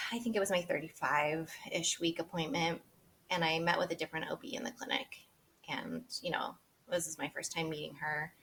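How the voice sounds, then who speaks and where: A woman in her thirties speaks as a podcast interview guest and shares a personal story. Her voice sits a little low for a woman, yet it sounds bright and forward. She talks candidly and with feeling, laughs easily, and acts out what she and others said. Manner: candid and emotional, laughing often, quoting herself and others.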